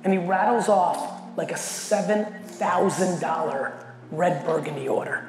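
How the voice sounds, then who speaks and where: A middle-aged man giving a blunt, animated keynote to a company audience and swearing constantly as he tells a story. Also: high-pitched, unhurried. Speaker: keynote speaker. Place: large hall at a company event. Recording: echoey hall with faint music.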